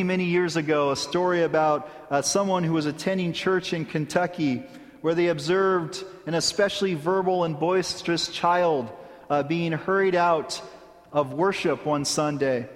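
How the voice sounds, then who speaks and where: A male pastor preaching a sermon in a measured way, with deliberate pauses. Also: on the high side, long reverb tail. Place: church sanctuary.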